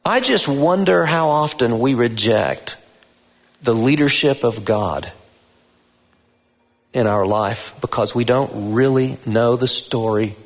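Slow, deliberate male pastor preaching. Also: mid-range voice, animated. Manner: deliberate, emphatic preaching with rising stresses on key words. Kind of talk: sermon. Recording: long reverb of a large hall.

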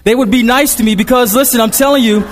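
A man's voice: very high-pitched, fast, big-room sound, a little hiss or hum. A man preaching a sermon, opening with prayer and telling a story with humor and frequent repeated words. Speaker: pastor. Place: church sanctuary.

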